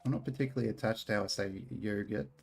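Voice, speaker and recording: A man's voice: fairly low pitch, fast talker, gravelly, breathy edge, faint music behind. An Australian man streaming a game, rambling casually, swearing freely and joking at his own expense. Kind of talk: casual live-stream chat while playing.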